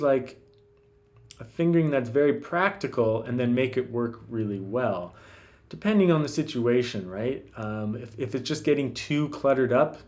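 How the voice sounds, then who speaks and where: A man teaching classical guitar in a relaxed, casual way, thinking aloud with lots of fillers and restarts. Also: medium pitch. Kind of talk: casual instructional talk.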